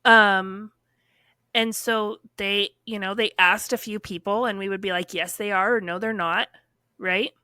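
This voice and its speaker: Animated woman telling a story, bright voice. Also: medium pitch, unhurried, no room sound, studio quality. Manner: animated, many fillers, acts out quotes. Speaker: podcast guest telling her story. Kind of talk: casual storytelling.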